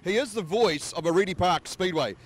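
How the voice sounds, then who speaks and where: A man hosting casual trackside interviews, chatty and upbeat. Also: high-pitched. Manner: chatty, upbeat, quick questions. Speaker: host and interviewer. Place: outdoor speedway pits.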